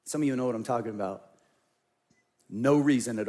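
A man's voice: medium pitch, fairly quick, warm tone. A middle-aged man, a pastor, telling an earnest personal story in a sermon and acting out his own past words.

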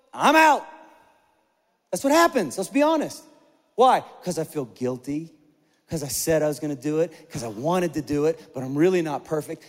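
A middle-aged man preaching a sermon, animated and conversational, with self-deprecating humor. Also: very high voice, big-room sound. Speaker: pastor.

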